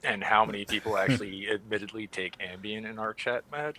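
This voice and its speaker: A man's voice: on the low side, steady tone, a little fast, bright, forceful tone, no room sound, low-quality recording. A man co-hosting a podcast, teasing the others with dry remarks. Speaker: podcast co-host. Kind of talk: casual banter.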